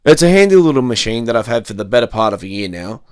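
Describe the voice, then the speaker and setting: A man's voice: medium pitch, sing-song, fast talker, darkish tone, clean tone, no echo. A married man giving a comedic product review, slipping dry jokes and cheeky innuendo in between the facts. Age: adult, married.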